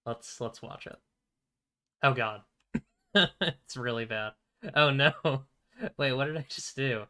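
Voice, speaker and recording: A man's voice: medium pitch, takes it slowly, pushed and bright. A man streaming a video game, chatting casually and rambling while keeping his voice down. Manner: rambling, keeps his voice down, frequent throat clearing. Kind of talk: casual let's-play commentary.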